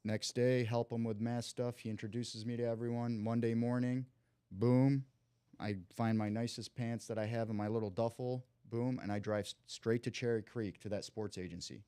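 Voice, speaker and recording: A man's voice: mid-range voice, normal speed, clean tone, no room sound. A young man from Cleveland, a podcast guest, telling a long story in casual slang and acting out the lines of the people in it. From Cleveland, USA. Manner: lively storyteller who acts out quoted dialogue; loose slang and frequent "like" fillers.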